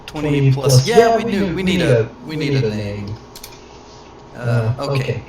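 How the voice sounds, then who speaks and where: Man, game player, joking banter, middle pitch, very echoey, crowd behind. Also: a little slow, recorded from a distance. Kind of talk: casual game chat. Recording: very echoey room, crowd noise.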